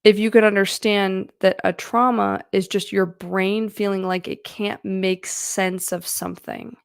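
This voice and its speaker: A woman's voice: mid-range voice, level tone, measured pace, vocal fry, smooth, dry recording, clean studio sound. A woman giving casual, earnest advice on feelings to her viewers, chatty and full of fillers. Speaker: mental health vlogger. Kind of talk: casual talking-to-camera advice.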